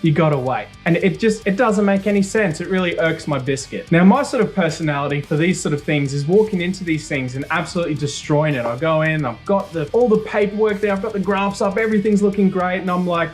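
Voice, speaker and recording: A man, ranting in a profane, animated storytelling style on a video channel. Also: sits high, quick pace, few pauses, faint music behind. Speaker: cybersecurity YouTuber. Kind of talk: ranting vlog monologue.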